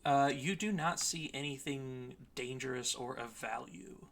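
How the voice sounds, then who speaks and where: A man runs a tabletop game, his voice bright and edged with fry. He describes each room in steady, plain narration and calls for dice rolls. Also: medium pitch, a little slow. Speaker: dungeon master. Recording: noisy stream audio.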